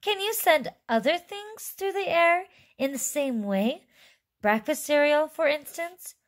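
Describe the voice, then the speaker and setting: A woman voicing a bratty, television-obsessed young boy who shouts eagerly in a read-aloud storybook. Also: lowish voice, animated, unhurried. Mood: excited shouting.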